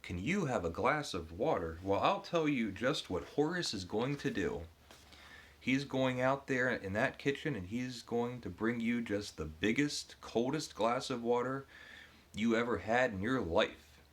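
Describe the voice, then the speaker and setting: A man's voice: medium pitch, animated, a little slow, breathy edge, pitched above the performer's own voice. A man reading the lines of a boastful, endlessly chatty male butler who talks about himself in the third person.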